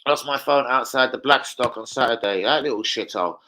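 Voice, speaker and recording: A man's voice: medium pitch, a little fast, sharp tone, low-quality recording. A man chatting live to viewers about football, with sweary, blunt banter. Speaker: football fan streamer. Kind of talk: casual live-stream chat.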